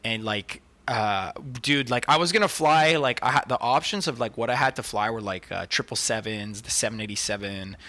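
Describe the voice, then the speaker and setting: A podcast co-host tells stories in casual chat, swearing often and packing his speech with "like" and "dude." His voice is medium-pitched, bright and forceful, at a normal speed with few pauses.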